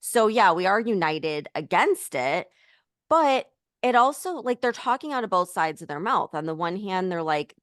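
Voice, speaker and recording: A woman's voice: fairly low pitch, fairly bright tone, no room sound, clean studio sound. A woman co-hosting a political podcast, ranting in a heated, emphatic way in casual chat. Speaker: podcast co-host.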